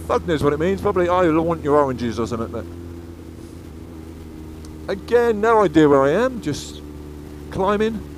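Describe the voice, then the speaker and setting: A man's voice: sits high, very animated, moderate pace, long pauses. A man from England rambling chattily as he rides a motorcycle, swearing freely and drifting between topics. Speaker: motorcycle vlogger. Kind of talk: casual riding commentary. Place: outdoors on a moving motorcycle on the road. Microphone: helmet-mounted action camera. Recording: faint road and engine noise.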